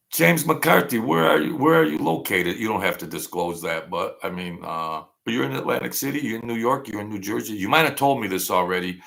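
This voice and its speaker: A man's voice: deep voice, gravelly, fairly bright tone. A man in his sixties hosting a livestream, chatting in a rambling, sentimental and jokey way. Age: 60s. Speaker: livestream host. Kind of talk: rambling casual livestream chat.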